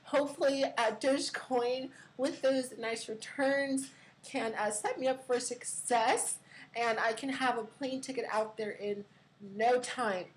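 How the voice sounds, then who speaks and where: A woman from California hosting a casual livestream chat, laughing a lot and filling pauses with "uh". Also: fairly high pitch, steady tone, low-quality recording. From California, USA. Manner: laughs a lot, friendly, drawn-out fillers. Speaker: host.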